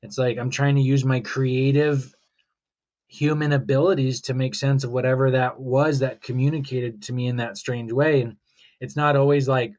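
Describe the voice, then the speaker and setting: A man's voice: mid-range voice, fairly even intonation, normal speed, darkish tone. Male podcast guest, rambling reflective storyteller, slightly muffled sound. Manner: reflective, rambling, quotes his own thoughts. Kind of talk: casual conversational storytelling.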